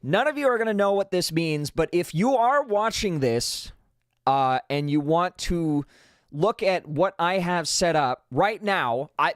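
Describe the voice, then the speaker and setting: A fairly high-voiced man rambles excitably on his own live stream, his pitch bouncing all over as he restarts his sentences. He talks into a dynamic broadcast microphone at a home streaming setup. The sound is close and dry, with no room echo at all. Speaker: livestream host. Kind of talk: casual live-stream chat. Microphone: dynamic studio broadcast microphone.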